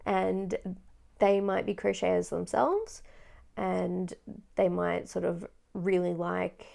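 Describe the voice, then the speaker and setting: Chatty woman with a gravelly creak. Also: fairly low pitch, takes it slowly, a little mellow. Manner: chatty, rambling with many fillers. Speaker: crochet vlogger. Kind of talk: casual chat.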